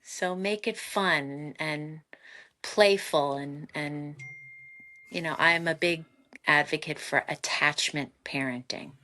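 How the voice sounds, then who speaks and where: Expressive middle-aged woman giving parenting advice. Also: sits low, slow pace. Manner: animated, expressive, laughs often, acts out quotes. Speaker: psychotherapist guest.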